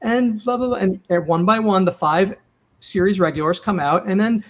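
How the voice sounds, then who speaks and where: A man's voice: sits high, normal speed. A man who writes and runs TV comedies, telling a behind-the-scenes story in a casual interview and acting out the lines people said. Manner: animated, acts out quoted lines.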